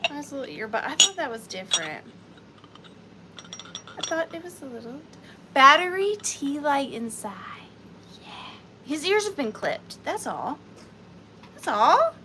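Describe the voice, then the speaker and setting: Lively high-voiced woman hosting a sale. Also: a little hiss or hum. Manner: chatty, playful, talks to viewers by name. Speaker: live sale host. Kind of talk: live auction selling chat.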